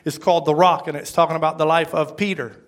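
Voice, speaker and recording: Lively high-voiced pastor preaching. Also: male voice, quick pace. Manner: animated, acts out quoted lines, swings from loud to hushed. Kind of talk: sermon.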